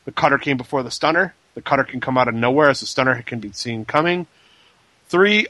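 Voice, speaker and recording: A man's voice: a little high, bright, forceful tone, no echo. A man co-hosting a podcast, reading out a listener's message and joking crudely in a laid-back way. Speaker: podcast co-host. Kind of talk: casual podcast chat.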